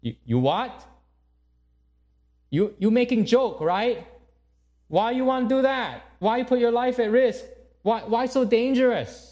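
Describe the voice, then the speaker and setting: A man's voice: extremely high pitch, expressive, a little slow, long pauses, darkish tone, voice pushed up. A man voicing a pushy middle-aged immigrant mother who speaks in clipped broken English. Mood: alarmed.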